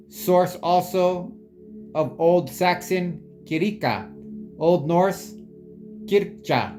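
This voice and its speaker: A speaker reading long quotes aloud in a halting way, stumbling over unfamiliar words. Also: mid-range voice, darkish tone. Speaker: reader sharing quotes and sources.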